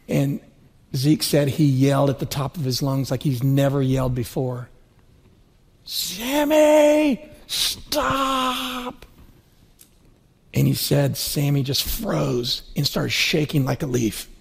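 A man's voice: on the high side, a little mellow. A middle-aged man preaching a sermon, telling stories with rising, swelling emphasis. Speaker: pastor.

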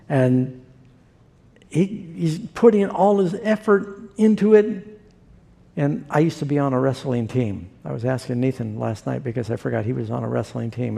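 A man's voice: medium pitch, creaky, dark tone. A middle-aged man preaching a sermon, telling the story vividly and acting out the quoted voices.

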